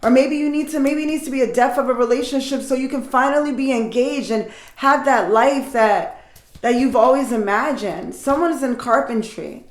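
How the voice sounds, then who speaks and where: A woman, likely middle-aged, giving an intuitive tarot reading and speaking warmly and directly to her listeners as if comforting them. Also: high voice, normal speed. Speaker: tarot reader. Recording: echoey room.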